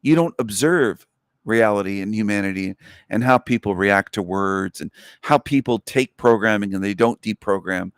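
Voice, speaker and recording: A man's voice: on the low side, dry recording, studio quality. A man hosting a livestream, delivering a contemptuous, mocking rant to his viewers. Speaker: livestream host. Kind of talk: ranting livestream monologue.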